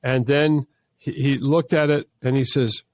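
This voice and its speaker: A man's voice: mid-range voice, steady tone, unhurried, darkish tone, dry recording. A man, a filmmaker guest on an interview podcast, telling stories earnestly with many restarts and false starts. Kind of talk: conversational storytelling.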